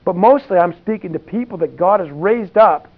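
At a moderate pace and a high pitch, a man delivers a homespun, talky sermon that keeps drifting into asides and uses "you know" a lot. The audio has a tinny, phone-style quality.

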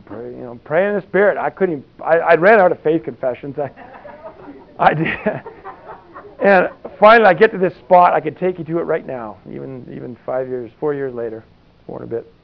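His fairly high voice has a creaky texture as he preaches a casual, folksy sermon that wanders into lots of side comments and frequent "you know"s. The audio comes across tinny and phone-like.

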